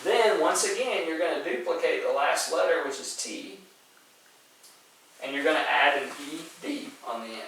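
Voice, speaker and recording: A man's voice: a little high, animated, normal speed, vocal fry, a bit bright, slight background noise. A male teacher giving a spelling lesson, explaining step by step and often checking in with "okay?" and "right?". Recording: very echoey room, voice from far off the mic.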